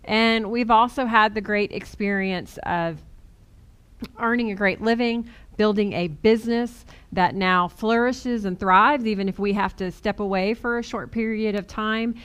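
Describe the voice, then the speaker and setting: Smooth-voiced, earnest woman podcaster. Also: mid-range voice, a little slow, fairly bright tone. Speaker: podcast co-host. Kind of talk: casual podcast chat.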